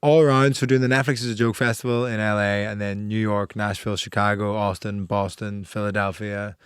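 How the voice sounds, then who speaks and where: Smooth, low-voiced relaxed male comedian. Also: a little fast, no echo, clean studio sound. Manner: relaxed, self-deprecating, swears casually. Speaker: comedian and guest. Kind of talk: casual chat.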